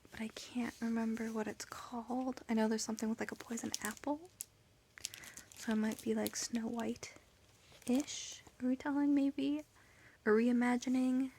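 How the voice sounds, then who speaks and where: A woman's voice: a little high, vocal fry, dark tone, a little hiss or hum. A tired woman chatting in a late-night reading vlog from home, giggling, rambling and often dropping to a whisper. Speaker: book vlogger.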